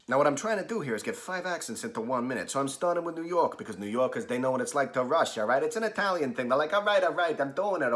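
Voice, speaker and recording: A man speaking very fast in a jokey comic monologue. He keeps sliding from one accent to the next as he goes. His pitch sits in the middle range. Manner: quick, jokey, slipping between accents. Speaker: voice artist, host.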